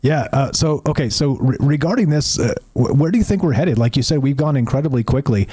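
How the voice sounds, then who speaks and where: A man hosting a casual chat, easygoing and quick to laugh. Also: medium pitch, expressive, mellow, husky. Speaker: host.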